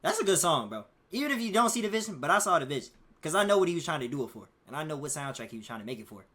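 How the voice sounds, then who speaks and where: A man's voice: a little high, sing-song, rapid-fire, bright, forceful tone, slight background noise. A man streaming casually, rambling in a loose, profane, slang-heavy way. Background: faint music playing.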